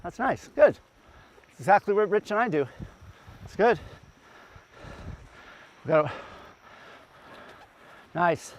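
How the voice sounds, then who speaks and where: A man coaching runners outdoors as he runs with them, encouraging them and counting their steps aloud in quiet bursts. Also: high-pitched, expressive, takes it slowly, pauses often, a little hiss or hum. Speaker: running coach. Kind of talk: on-the-run coaching. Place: outdoors on a hilly running route.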